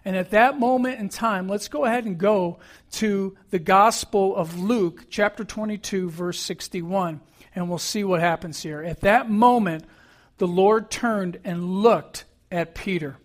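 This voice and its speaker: A man's voice: sits high, measured pace. A male pastor preaching a sermon and retelling Bible stories in a conversational storytelling manner.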